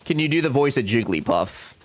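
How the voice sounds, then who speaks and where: A man's voice: mid-range voice, very animated, fairly quick. A man streaming a game from home, chatting casually with his viewers and joking with lots of swearing. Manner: joking and profane, talks back to chat. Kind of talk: casual live-stream chat.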